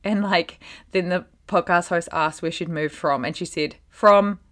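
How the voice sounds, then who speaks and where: A giggly woman with a slightly low voice co-hosts a gossip podcast. She recaps the story with amused disbelief. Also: unhurried, fairly bright tone. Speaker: podcast co-host. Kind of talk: casual gossip chat.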